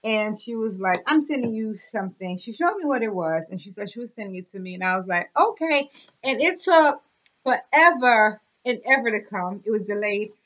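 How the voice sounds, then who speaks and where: Bright, excitable woman vlogger in her forties. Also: mid-range voice, a little fast, low-quality recording. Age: 40s. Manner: excitable, chatty, emotional. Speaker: YouTube vlogger. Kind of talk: casual unboxing vlog.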